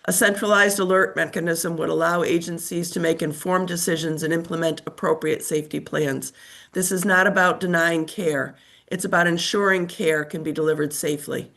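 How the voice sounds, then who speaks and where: An older woman with a scratchy voice reads formal prepared testimony over a remote call, measured and steady. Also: fairly low pitch, creaky. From United States. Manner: formal, measured reading of a statement. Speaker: testifying witness. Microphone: remote call microphone.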